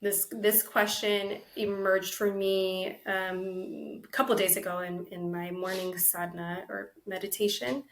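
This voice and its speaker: A woman's voice: mid-range voice, creaky. Reflective woman in an echoey room. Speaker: podcast guest, coach. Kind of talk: reflective conversational interview.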